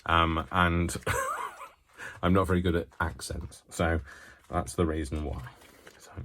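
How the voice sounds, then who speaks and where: Low-voiced man rambling through a craft demo. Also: a bit bright, slight background noise. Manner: rambling, self-mocking asides. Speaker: craft tutorial host. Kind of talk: chatty hands-on demonstration.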